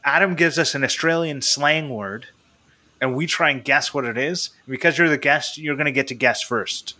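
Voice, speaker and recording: Bright-voiced podcast host, rambling. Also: male voice, medium pitch, normal speed. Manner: rambling, laughs often. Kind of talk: casual podcast chat.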